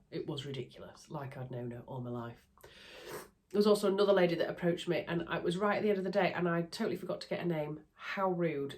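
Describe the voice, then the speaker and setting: A woman's voice: sits low, a little mellow. A woman with a Yorkshire accent, bunged up with a cold and sounding nasal, chatting casually and self-deprecatingly to her phone camera at night. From Yorkshire, England. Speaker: sewing vlogger. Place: bedroom at night under a ring light.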